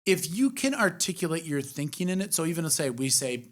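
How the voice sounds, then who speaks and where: A man co-hosting a podcast as an investor, talking frankly with casual swearing and animated asides. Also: fairly high pitch, fairly quick. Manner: frank, profane, animated storytelling. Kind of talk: casual chat.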